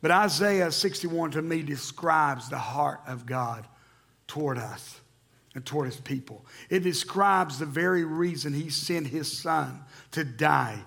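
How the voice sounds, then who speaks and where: A man preaching a sermon in church, reading Scripture and calling out loudly to the congregation. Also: on the high side, unhurried, vocal fry. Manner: animated preaching, rising to loud emphatic calls to the congregation. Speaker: pastor. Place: church sanctuary.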